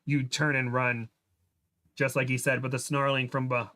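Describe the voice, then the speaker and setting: A man's voice: medium pitch, level tone, normal speed, bright, forceful tone. Man reading a fan story aloud. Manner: amused, breaks into laughter while reading. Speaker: guest reader.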